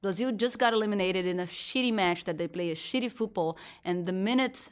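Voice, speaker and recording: A woman on a football podcast panel, telling stories with animated emphasis. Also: mid-range voice, brisk. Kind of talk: casual panel chat.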